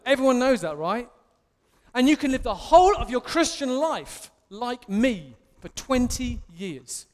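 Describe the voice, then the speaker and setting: English pastor, 30s, high voice, animated sermon, self-mocking, reverb from a big hall. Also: male voice, unhurried. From England.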